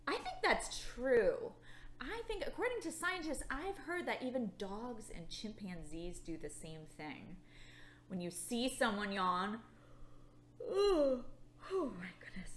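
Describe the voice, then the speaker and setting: A woman leads a children's Bible lesson in a slow, sing-song voice that rises and falls a lot. Her pitch sits a little high. The sound rings in an echoey room. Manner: slow, animated and playful, with yawns. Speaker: children's church leader. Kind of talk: gentle teaching for children. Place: church.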